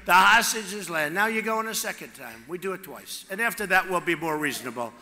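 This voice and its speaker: Bright, boastful man at a rally. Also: high-pitched, lively intonation, fairly quick. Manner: repetitive, boastful, off-the-cuff; swings from loud shouting to hushed asides. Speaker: political candidate at a rally. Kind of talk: campaign rally speech. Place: large rally venue with crowd. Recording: echoey rally hall with long reverb.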